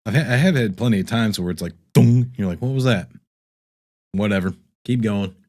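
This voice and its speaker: A man's voice: fairly low pitch, fast talker, a little mellow. Rambling man hosting a live stream. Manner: loose and rambling, reads chat aloud, laughs often. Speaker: livestream host. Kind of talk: casual live-stream chat.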